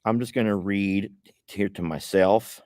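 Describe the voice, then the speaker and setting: A man's voice: fairly low pitch, a little slow, darkish tone, no echo. A man hosting a casual vlog, chatting folksily and directly to his viewers as he opens gifts. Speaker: vlog host. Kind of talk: casual vlog chat while opening gifts.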